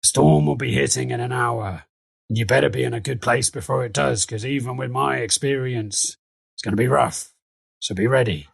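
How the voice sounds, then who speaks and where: A gruff, seasoned ship captain, voiced by a man in a gravelly, close and dry tabletop game voice. He is curt and matter-of-fact and talks a little lower than usual. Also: moderate pace, dry recording. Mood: stern.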